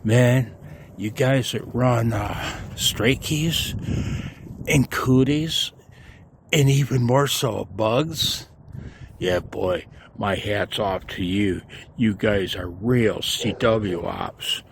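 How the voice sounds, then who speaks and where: An amateur radio vlogger with a fairly low, gravelly voice and drawn-out words chats casually to viewers about his radio setup, filmed around his home and yard. He chuckles often and rambles folksily, with slight background noise behind him.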